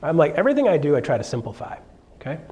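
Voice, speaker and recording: A fairly high-voiced man runs a real estate seminar in an animated, joking way. He keeps asking the room questions and checking that people follow. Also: very fast, muffled recording. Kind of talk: live seminar talk.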